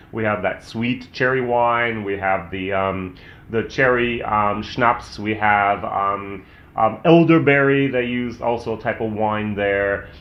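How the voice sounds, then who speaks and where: Chatty American man reviewing whisky. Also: lowish voice. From United States. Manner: chatty and candid, thinking aloud. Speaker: whisky reviewer, channel host. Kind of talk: casual tasting review. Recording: roomy, slightly dull sound.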